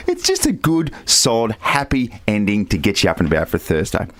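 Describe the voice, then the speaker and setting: Jokey radio host. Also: male voice, mid-range voice, normal speed, dry recording. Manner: jokey, animated storytelling. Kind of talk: casual chat.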